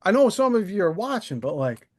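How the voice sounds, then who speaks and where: A man's voice: high-pitched, big pitch swings, brisk. A man hosting a live stream, airing his grievances in a sarcastic, aggrieved rant. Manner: aggrieved, sarcastic, mocking impressions.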